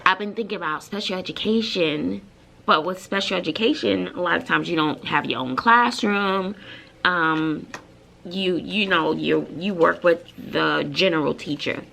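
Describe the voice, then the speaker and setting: A woman's voice: fairly low pitch, moderate pace, creaky, pushed and bright, slight background noise. A woman from Brooklyn, a middle school teacher, talking casually in a vlog, bubbly and emotional with lots of fillers. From Brooklyn, New York.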